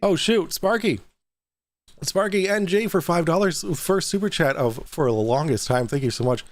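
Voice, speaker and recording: A man's voice: fairly high pitch, moderate pace, no room sound. A young adult man hosting a casual livestream, chatting loosely, reading out viewer donations and swearing now and then. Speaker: livestream host.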